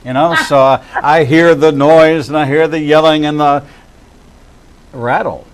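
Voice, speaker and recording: A man's voice: a little high, steady tone, measured pace, clean tone, low-quality recording. A man, a rabbi, hosts a conversational interview. He speaks in a friendly, emphatic way and often restarts his phrases mid-thought.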